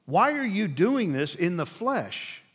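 A man voicing God as a gently puzzled, patient deity who questions rather than scolds. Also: sits high, big pitch swings, takes it slowly, husky, pitched above the performer's own voice, heavily acted. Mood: bemused. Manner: bemused, questioning.

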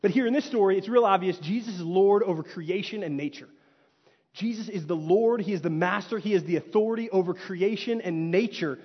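Lively high-voiced male preacher, echoing hall. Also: a little fast, slightly rough. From Texas. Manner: animated storytelling, acts out quotes, rhetorical "right?". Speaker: pastor. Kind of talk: sermon. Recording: hall reverb, dull lo-fi sound.

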